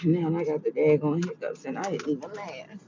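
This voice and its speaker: A woman's voice: deep voice, normal speed, highs cut off, noisy background. A tired woman vlogging to her viewers in a rambling, chatty monologue. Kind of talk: casual monologue.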